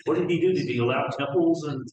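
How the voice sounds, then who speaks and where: A man attending a church class asks his questions quickly and eagerly. He is far from the mic, so his voice comes through distant and roomy, with a lot of room echo. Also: on the high side, a little mellow.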